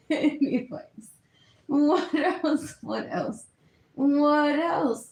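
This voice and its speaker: A woman's voice: high voice, sing-song, a little mellow. A young adult woman rambling alone on a livestream, switching between English and Spanish, repeating herself and muttering asides. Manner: slow, drifting and repetitive, with muttered asides. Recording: roomy echo.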